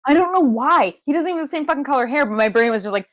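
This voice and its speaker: A woman co-hosting a podcast, recapping a wrestling show in casual chat, swearing freely and leaping into high-pitched impressions. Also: racing, few pauses, dry recording. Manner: animated, profane, jumps into high-pitched impressions. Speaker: podcast co-host.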